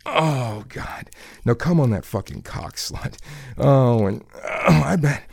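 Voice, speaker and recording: A man playing a domineering, crude male kitchen coworker in an adult audio role-play, taunting and commanding in a husky voice with breathy asides. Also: medium pitch, expressive, takes it slowly, darkish tone, no room sound, heavily acted.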